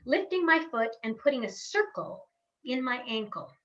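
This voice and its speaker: A woman voice coach leading a guided vocal warm-up over a webcam, giving encouraging step-by-step instructions with long hums. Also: high voice, sing-song, normal speed, lo-fi sound. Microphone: webcam on a video call.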